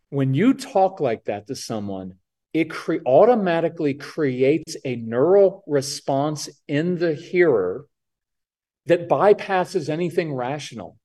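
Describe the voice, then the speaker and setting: A man's voice: fairly high pitch, normal speed. A man on a podcast as a parenting coach guest, talking casually and acting out what kids and parents say. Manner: animated, acts out kids' and parents' lines.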